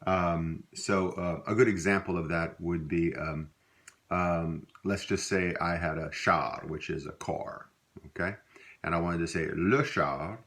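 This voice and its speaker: Deep-voiced Louisiana man teaching casually. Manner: relaxed, rambling, with many fillers and self-corrections. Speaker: language teacher. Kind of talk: casual spoken lesson.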